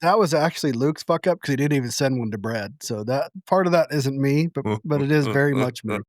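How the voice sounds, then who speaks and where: A man's voice: mid-range voice, lively intonation, brisk, no echo, studio quality. A man co-hosting a casual podcast chat, joking crudely and laughing easily. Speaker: podcast co-host.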